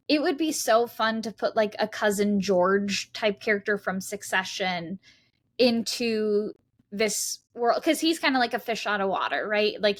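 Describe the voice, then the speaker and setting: A woman's voice: a little high, a bit bright. A woman guest in a casual interview, talking in a loose, rambling way with many fillers and easy laughter. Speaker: guest actor.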